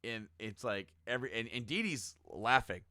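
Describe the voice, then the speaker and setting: A man co-hosting a podcast in casual chat, retelling scenes in an animated way. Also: medium pitch, moderate pace, no room sound, clean studio sound. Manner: animated storyteller, acts out scenes with exaggerated voices. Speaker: podcast co-host.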